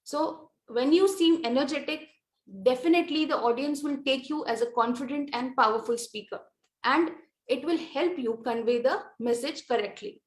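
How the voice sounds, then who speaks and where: A woman with an Indian English accent teaches presentation skills, her voice pitched high and steady. She explains step by step, pausing often with small fillers. The room around her rings with a noticeable echo. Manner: measured, explanatory with frequent fillers. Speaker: lecturer.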